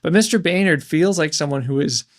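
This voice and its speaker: A man's voice: fairly high pitch, brisk. Thoughtful man discussing a story. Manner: thoughtful, searching for words. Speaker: book podcast co-host. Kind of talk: casual book discussion.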